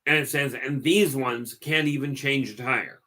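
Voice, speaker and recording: This middle-aged man hosts a livestream, his voice mid-range, steady, somewhat slow and sharp in tone. He tells stories in a folksy, digressive, rambling manner, often repeating his words.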